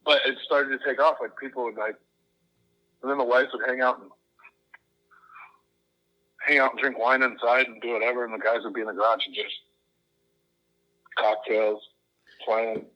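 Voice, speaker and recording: A man's voice: mid-range voice, fairly even intonation, moderate pace, long pauses, muffled recording. A middle-aged man, a guest on a casual podcast, telling stories in a laid-back way and calling people dude. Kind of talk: casual chat.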